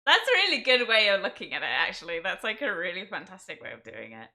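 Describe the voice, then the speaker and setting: A woman's voice: fairly low pitch, sing-song, fast talker, sharp tone. A young woman from England, a streamer chatting casually with her viewers and laughing often. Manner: chatty, reading and answering chat, laughs often. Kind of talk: casual livestream chat.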